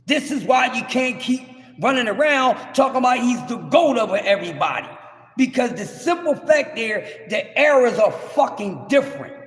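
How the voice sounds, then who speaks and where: A man, hosting a livestream and ranting in brash, cursing trash talk that rises to shouts. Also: extremely high pitch, expressive, normal speed. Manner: loud, rising to shouts. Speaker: livestream host. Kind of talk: heated livestream rant. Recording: echoey room with long reverb.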